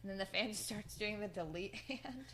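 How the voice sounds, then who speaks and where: A woman's voice: mid-range voice, moderate pace, a bit bright, a little hiss or hum. Rambling woman recapping wrestling. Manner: rambling, lots of fillers, laughs through quotes. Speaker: podcast co-host. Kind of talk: casual chat recapping wrestling.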